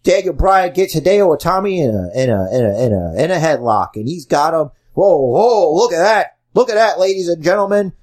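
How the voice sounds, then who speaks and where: A man's voice: fairly high pitch, very animated, normal speed, hardly any pauses, darkish tone. A male podcast host doing theatrical mock wrestling play-by-play. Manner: theatrical announcer delivery.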